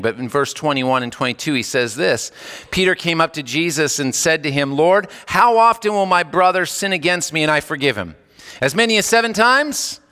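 Bright-voiced male pastor preaching in a church. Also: a little high, in a large hall. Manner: conversational, with repeated restarts and frequent chuckles. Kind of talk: sermon. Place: church sanctuary.

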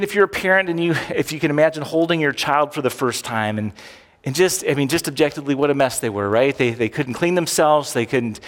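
A man preaching a sermon as a pastor, talking in an earnest, conversational way and asking the congregation many rhetorical questions. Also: on the high side. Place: church sanctuary. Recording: long reverb of a large hall.

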